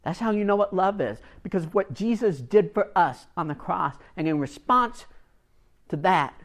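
A man preaching a sermon, emphatic and dramatic, swinging from hushed phrases to loud ones. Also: sits high, expressive. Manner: emphatic, swings from quiet to loud, long pauses.

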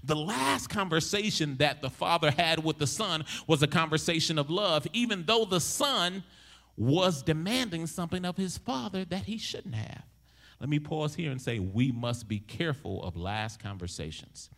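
A man's voice: fairly high pitch, expressive, normal speed, a bit bright. Conversational preacher man with speech. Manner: conversational, acts out quotes in character voices, repeats lines for emphasis. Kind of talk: sermon.

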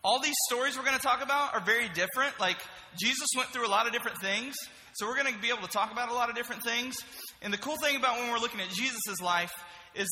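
A young man serving as a middle school pastor, giving an energetic, joking sermon and asking the group questions. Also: high voice, big-room sound, slight background noise, poor audio. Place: church youth room.

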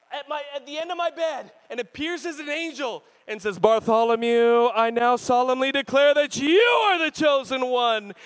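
High-voiced animated male pastor. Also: rough recording. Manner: animated, swings from loud to hushed, laughs often. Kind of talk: sermon.

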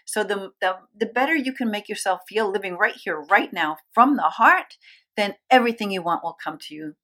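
A woman's voice: mid-range voice, fairly bright tone. A woman hosting her own podcast as a life coach, talking alone in an earnest, encouraging way and often checking in with the listener. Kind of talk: solo motivational podcast talk.

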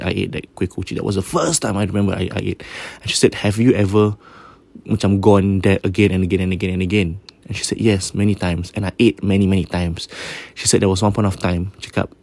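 Man, Singaporean accent, low voice, dry sound, casual ghost story. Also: gravelly, dry recording. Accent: Singaporean English. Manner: mixes Malay into English, many restarts; drops to a hush for eerie parts.

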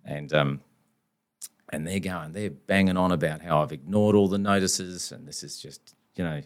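A very deep-voiced Australian man spinning blunt, down-to-earth anecdotes. He talks in a casual, colloquial way as a podcast guest. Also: moderate pace. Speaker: company founder, guest. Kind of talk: casual storytelling.

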